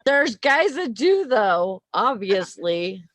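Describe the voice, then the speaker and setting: A woman's voice: medium pitch, sing-song, slow, fairly bright tone, dry recording. A woman in a casual group chat, wry and teasing.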